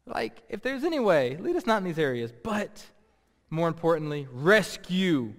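A man's voice: on the high side, sing-song, normal speed. A man preaching a sermon as pastor, emphatic and repeating key words for stress. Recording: long reverb.

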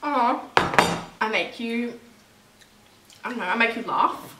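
A woman's voice: on the high side, lively intonation, takes it slowly, pushed and bright. A young woman, chatting casually as a vlogger, giggly and talking over her friend. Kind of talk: casual chat. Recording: echoey, distant, noisy.

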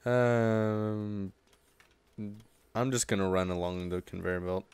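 A man chatting casually with a friend while playing a multiplayer factory game, excitable and quick to banter. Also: lowish voice, clear, resonant tone, dry recording. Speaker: co-host gamer.

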